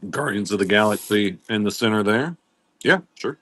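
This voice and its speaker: Greeting viewers by name as he lists items one by one, this livestream seller speaks at normal speed in a fairly low, fairly bright voice. He coughs occasionally, and there's no room sound.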